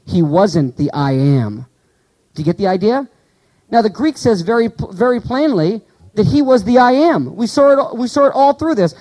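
A man delivers a sermon in a fairly high but mellow voice. He teaches with animated rhetorical questions to his congregation. He reads the scripture passages slowly and with weight. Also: low-quality recording. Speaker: pastor.

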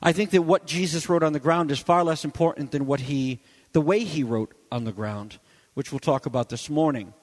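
A man preaching a sermon with emphatic storytelling, rising and then dropping to quiet. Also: fairly high pitch, fairly quick. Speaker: pastor. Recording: long hall reverb.

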